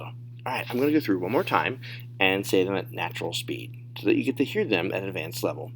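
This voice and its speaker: A man teaching a recorded Spanish lesson, modeling phrases slowly and explaining pronunciation. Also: low-pitched, animated, a bit bright, slight background noise. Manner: slow, deliberate modeling of phrases.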